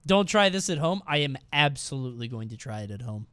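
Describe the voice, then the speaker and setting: A man streaming as he reacts to viewer clips and scores them, laughing often and swearing freely with loud exclamations. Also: medium pitch, expressive, a little fast. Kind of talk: casual reaction commentary. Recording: background noise.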